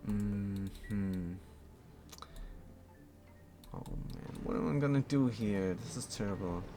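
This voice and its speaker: Slow, low-voiced German man streaming. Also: music in the background. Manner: laid-back, reads chat aloud, chuckles often. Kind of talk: casual gameplay commentary.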